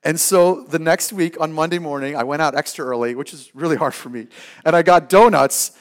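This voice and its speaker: A man preaching a sermon and telling a personal story, moving from loud emphasis to hushed asides and acting out the people in it. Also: a little high, brisk. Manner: acts out the people in his stories. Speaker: pastor.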